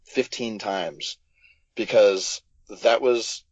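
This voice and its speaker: A man talks through his filmmaking choices in a podcast interview, full of fillers and quick restarts. The sound is dry and close, a little dull and lo-fi. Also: fairly low pitch, no echo. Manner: animated storyteller, many fillers and restarts. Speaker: film director guest.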